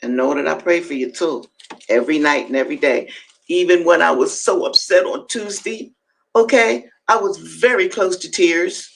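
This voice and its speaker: A woman hosting a live-streamed reading, talking to viewers between passages and jumping up in pitch to stress her points. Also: normal speed, vocal fry, poor audio. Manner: emphatic, swings up high to stress points; chatty asides to viewers. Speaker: host and reader.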